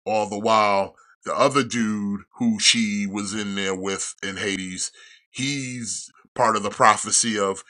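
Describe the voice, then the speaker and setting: A man with a fairly low voice and a bright, forceful edge talks in a loose, casual way. He tells a story in a rambling, profane manner, with frequent restarts. It sounds like a laid-back podcast host chatting. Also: steady tone, slow. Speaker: podcast host reviewing a show. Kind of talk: casual chat.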